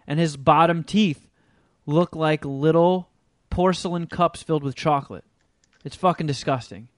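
A man's voice: a little high, moderate pace, dry recording, studio quality. Rambling, cursing man telling stories. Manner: rambling storytelling, heavy swearing. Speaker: podcast host. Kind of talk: casual chat.

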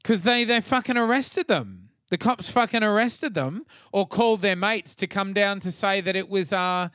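A man's voice: high voice, moderate pace, dry recording, studio quality. Swearing Australian man telling stories. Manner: profane, animated storytelling. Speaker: podcast host. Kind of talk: casual chat.

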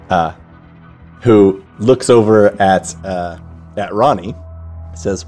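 A man's voice: on the low side, slow, long pauses, warm tone, soft background music. A man narrating a tabletop game as game master, casual, with many fillers. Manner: casual, full of likes and ums, laughs often.

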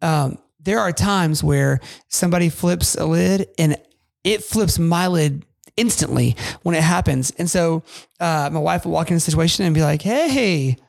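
A man's voice: on the high side, normal speed, vocal fry. A man co-hosting a parenting podcast in casual chat, rambling with frequent restarts and asides. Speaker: podcast co-host.

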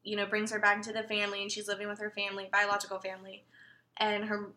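A young actress chatting casually as a podcast guest, hesitant with frequent fillers and quick laughs. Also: female voice, medium pitch, completely flat delivery, bright, forceful tone. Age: young adult. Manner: hesitant with many fillers, giggly.

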